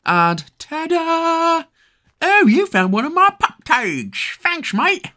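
An eager young male cartoon puppy, chirping in a squeaky, sing-song voice far above a normal speaking pitch. It is bright and sharp, a bouncy kids' game hero. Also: wildly swooping pitch, takes it slowly, heavily acted. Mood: chirpy.

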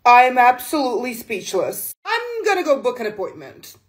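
Lively, playful young woman vlogging makeup. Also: a little high, normal speed. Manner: playful, self-mocking, chatty. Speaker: makeup content creator. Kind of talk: casual makeup vlog talk.

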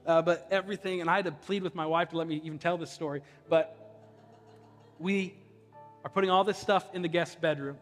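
A man's voice: a little high, fairly even intonation, brisk, big-room sound, soft background music. A young adult man from Ohio preaching a sermon, conversational and impassioned, with humorous personal stories. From Ohio, USA. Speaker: pastor. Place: church sanctuary.

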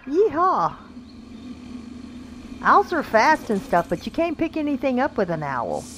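Woman, gameplay commentary, unhurried delivery, easily startled, faint hiss under the voice. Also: high-pitched. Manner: excitable, exclaims a lot, talks to her pets in the game. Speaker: gameplay video creator. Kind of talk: casual let's-play commentary. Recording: faint background noise.

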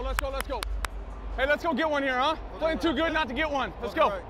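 A professional quarterback talking on a body mic on a stadium sideline, loudly encouraging teammates. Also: male voice, very high-pitched, brisk. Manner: loud, hyped encouragement to teammates. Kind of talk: mic'd-up sideline talk. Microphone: body-worn mic. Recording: noisy field mic with crowd. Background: roaring stadium crowd.

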